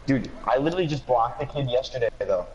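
A man's voice: mid-range voice, lively intonation, fast talker, dull audio. Trash-talking young male gamer. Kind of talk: casual chat while gaming.

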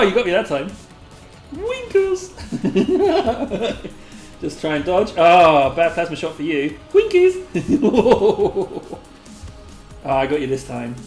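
A host giving live gameplay commentary, excitable and giggly, squealing a high catchphrase, then muttering quietly to themself. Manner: mutters quietly to self between bursts. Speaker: gaming video host. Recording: roomy echo, faint game music behind.

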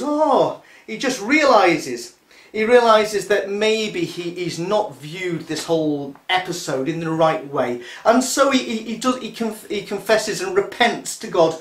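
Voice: mid-range voice, reverberant. A speaker giving a casual, sarcastic and irreverent commentary monologue as a vlogger.

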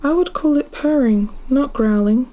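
A woman's voice: normal speed, close to an everyday voice. A woman voicing a timid, polite young girl in a storybook, with a lifted, half-whispered voice. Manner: soft, half-whispered, raised pitch. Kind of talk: storybook reading.

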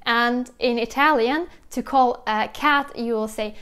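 A young woman with a Russian accent explains sounds in a casual vlog, lively and imitating animal noises as she goes. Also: on the high side, measured pace, clear, resonant tone. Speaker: language teacher vlogger.

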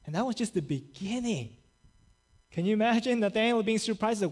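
A male pastor preaching a sermon and retelling scripture stories in a lively, conversational way. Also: sits high, brisk. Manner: animated storytelling, paraphrasing scripture conversationally.

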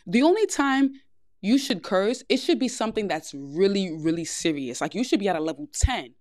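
A woman's voice: medium pitch, lively intonation, normal speed, darkish tone, no echo, studio quality. A young woman with a New York accent, hosting a podcast and giving frank, blunt advice in a casual monologue. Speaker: podcast host.

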